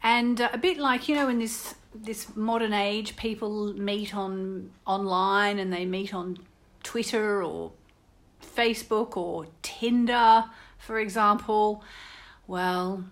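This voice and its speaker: A woman's voice: medium pitch, takes it slowly. A woman with an Australian English accent, hosting an astrology radio show in a casual, chatty way and telling stories. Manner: chatty, storytelling, laughs often, animated.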